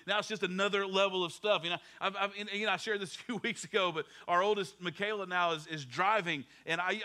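Middle-aged pastor guy preaching, fervent, gets loud and high, kinda tense bright tone. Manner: fervent preaching that builds from a quiet prayer to a loud high exhortation. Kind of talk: sermon. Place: church sanctuary.

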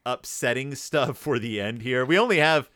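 A man's voice: mid-range voice, expressive, normal speed, bright, forceful tone, no room sound, clean studio sound. A man co-hosting a podcast, chatting casually about books in a rambling, playful, joking way. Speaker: podcast co-host. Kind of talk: casual book chat.

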